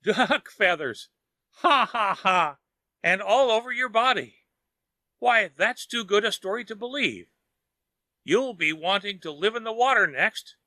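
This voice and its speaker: A man's voice: high voice, animated, moderate pace, pushed and bright, dry recording, voice pushed up, full character voice. A man playing a mild, teasing neighbor. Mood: mocking. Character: calm, kindly neighbor man, mocking and laughing.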